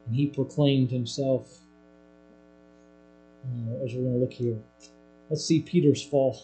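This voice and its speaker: A man preaching a sermon, swinging between hushed, low lines and loud, emphatic ones. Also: steady tone, unhurried, long pauses, soft background music, rough recording.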